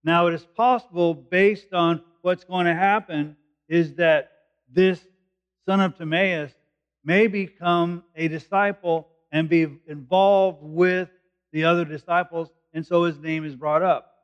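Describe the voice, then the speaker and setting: Man, bible teaching, conversational, explaining, slightly high voice, muffled lo-fi sound. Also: fairly even intonation, a little slow, smooth. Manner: conversational, explanatory, thinking aloud. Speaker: preacher.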